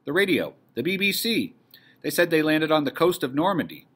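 A male teacher reading the part of an excited young woman who brings the news in a play. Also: on the high side, fairly quick, slightly rough, pitched above the performer's own voice, heavily acted.

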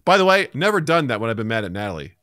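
A young man co-hosts a casual podcast, his voice bright and forceful with a lively, swooping pitch. He tells stories with laughs and acts out the people he quotes. The sound is close and dry, with no room around it. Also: rapid-fire, dry recording. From United States. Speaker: podcast co-host.

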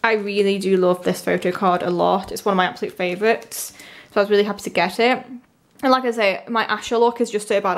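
A young woman chatting casually as she unboxes an album, gushing and full of "like" fillers, squealing when she gets a lucky pull. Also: mid-range voice.

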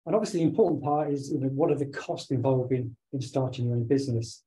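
A man, slightly hoarse from talking all day, giving a conversational online presentation with many filler sounds. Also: medium pitch, quick pace, dark tone, a little hiss or hum, low-quality recording. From United Kingdom. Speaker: webinar presenter and business owner. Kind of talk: online presentation over slides.

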